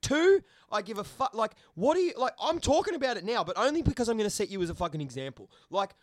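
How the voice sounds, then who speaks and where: A man's voice: high voice, big pitch swings, fast talker, no echo. An Australian man co-hosting a podcast, blunt and sweary, ranting in casual chat. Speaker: podcast co-host.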